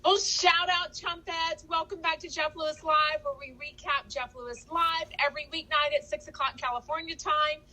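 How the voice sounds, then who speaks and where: A woman from Texas in her forties, co-hosting a podcast in a chatty, gushing way with quick laughs. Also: sits high, fairly even intonation, pushed and bright, rough recording. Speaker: podcast co-host. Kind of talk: casual podcast chat.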